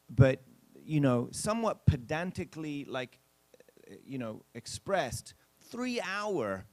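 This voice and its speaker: A man with a slightly high voice, recorded without echo, is a pastor telling a story during a sermon. He chats with the congregation, speaks to them directly, and acts out what people said in a casual, anecdotal way.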